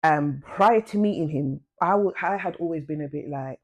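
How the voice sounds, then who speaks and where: A woman telling a personal story to camera in a casual, chatty vlog style, full of slang, who jumps up in pitch to act out what people said. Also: moderate pace, a little mellow. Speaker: vlogger.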